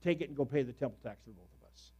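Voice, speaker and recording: A middle-aged man preaching a sermon as a pastor, telling stories with sudden loud, animated bursts. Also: medium pitch, very fast, breathy edge, muffled recording.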